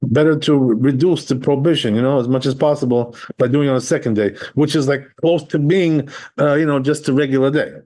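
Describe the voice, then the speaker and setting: A man's voice: mid-range voice, a little fast, few pauses, warm tone. A man, a rabbi, giving a conversational class on a religious text. He reads passages aloud, then explains them in plain English and keeps checking in with the listeners. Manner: explains step by step, often checking with "right?"; reads Hebrew and Aramaic text, then translates.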